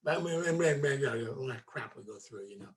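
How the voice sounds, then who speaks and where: A man's voice: medium pitch, animated, a little fast. A man, a meditation teacher, giving a folksy storytelling talk to a group, full of asides. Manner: folksy, conversational, many asides.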